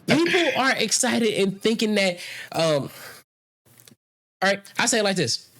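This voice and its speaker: A man with a high, bright, animated voice co-hosts a podcast in a heated casual debate, speaking unhurriedly but forcefully. He argues emphatically, swears, and talks over the others, with a little hiss or hum in the recording.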